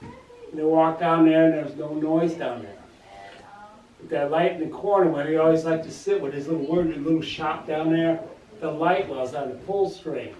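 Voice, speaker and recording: A man telling a family ghost story in a halting, repetitive way, in a roomy space away from the mic. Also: a little high, a little mellow, lo-fi sound. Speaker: family member. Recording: roomy and distant.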